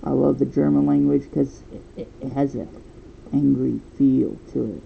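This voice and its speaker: A man's voice: mid-range voice, little pitch movement, moderate pace, vocal fry, phone-quality sound, slight background noise. A man in his twenties chatting casually and rambling while he draws a comic. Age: 20s. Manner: rambling, thinking aloud. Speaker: comic artist. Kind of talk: casual chat while drawing.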